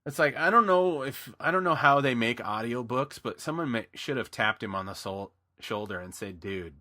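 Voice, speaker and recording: A man co-hosts a podcast in easy, casual chat. His voice is bright and clear, and he rambles with frequent restarts, now and then slipping into a quick impression. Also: medium pitch, animated. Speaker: podcast co-host.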